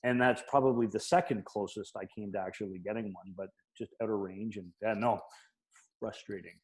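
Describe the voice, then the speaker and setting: A man's voice: fairly low pitch, steady tone, a little fast, rough recording. A man, a guest on a podcast, telling stories in a rambling way and joking wryly about his own failures. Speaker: guest hunter. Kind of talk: casual podcast chat.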